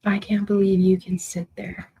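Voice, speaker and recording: A woman's voice: mid-range voice, flat delivery, moderate pace, vocal fry, mellow, husky, poor audio. Emotional woman hosting a livestream. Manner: emotional, confrontational, addresses viewers by name. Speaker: livestream host. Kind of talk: casual livestream chat reading viewer comments.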